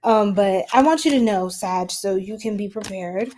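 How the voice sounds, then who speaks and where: A young adult woman giving a casual tarot reading, chatty, laughing often and dropping into soft whispers. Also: mid-range voice, moderate pace. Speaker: tarot reader.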